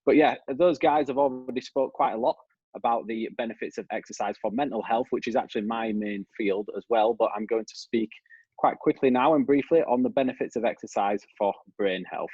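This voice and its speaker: A man's voice: fairly low pitch, steady tone, a little fast, vocal fry, darkish tone, husky, no room sound, dull audio. A man with a Yorkshire accent giving a conversational academic presentation over a video call. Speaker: researcher giving a talk.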